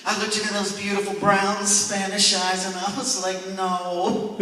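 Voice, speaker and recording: A man's voice: sits high, monotone, moderate pace, pushed and bright, a little hiss or hum. A middle-aged man tells funny stories at a church, chuckling and calling the crowd sir and ma'am. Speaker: church comedian. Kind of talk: stand-up storytelling. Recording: echoey hall, distant mic.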